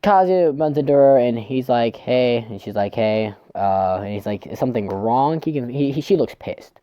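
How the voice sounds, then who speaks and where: A man's voice: mid-range voice, moderate pace, warm tone, smooth, no echo, studio quality. A man casually recapping a manga chapter, rambling, swearing and tripping over his words. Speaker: manga reviewer.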